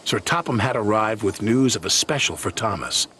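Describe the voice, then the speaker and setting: A man narrating a children's story in a lively, expressive reading, with loud music underneath. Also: lowish voice, normal speed, slight background noise.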